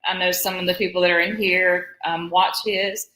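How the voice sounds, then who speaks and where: A woman's voice: on the low side, flat delivery, normal speed, bright, forceful tone. A woman in her forties with a Southern US accent, co-hosting a live stream in a rambling, chatty way and laughing often. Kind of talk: casual live-stream chat. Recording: echoey room.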